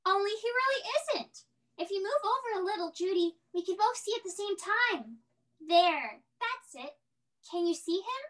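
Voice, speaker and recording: An excitable young boy full of old-fashioned slang, played by a young actor in a high school stage play. His voice is very high, bright and animated, and he blurts out exclamations. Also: moderate pace.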